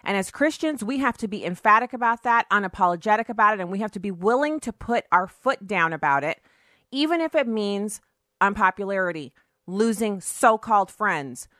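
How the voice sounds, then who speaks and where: A woman hosts a talk show in a dry, close-miked studio sound. Her voice sits at a middle pitch. She talks in an emphatic, chatty way, slipping into preachy asides. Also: a bit bright, no room sound. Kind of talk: opinionated talk radio monologue.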